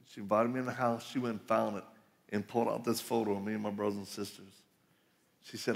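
A man's voice: lowish voice, little pitch movement, fast, creaky. A middle-aged man giving a live sermon at a conference, telling personal stories in an emphatic, joking way. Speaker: conference speaker. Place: large conference hall. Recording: reverberant live hall.

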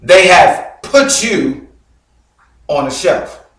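A man preaching a sermon as a bishop, telling a story dramatically with loud bursts and sudden low drops. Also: expressive, extremely slow. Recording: very echoey hall, mic far off.

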